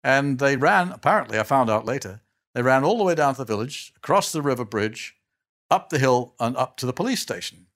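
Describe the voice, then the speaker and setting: An older man appears as a guest, telling chuckling anecdotes in a casual interview with a mid-range, fairly quick voice. He's an animated storyteller who trails off and restarts.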